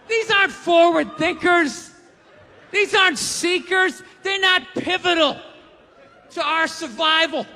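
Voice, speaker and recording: A man's voice: extremely high pitch, slow pace, sharp tone, a faint crowd. A man performing a scornful, emphatic stand-up comedy routine full of swearing. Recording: live theater with long reverb and audience.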